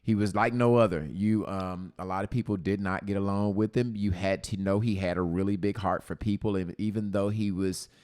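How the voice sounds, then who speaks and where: A man co-hosts a podcast and talks about his old radio days in a slow, reflective way. His voice sits very low. He restarts his sentences often and repeats words as he looks for them. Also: steady tone, a little mellow. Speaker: podcast co-host, former radio host. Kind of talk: casual chat.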